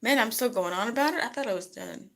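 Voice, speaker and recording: A woman's voice: fast, vocal fry. Chatty woman vlogging, rambling. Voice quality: rambling, chatty, lots of "you know". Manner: animated, jumps high when quoting others. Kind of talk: casual talking-to-camera vlog.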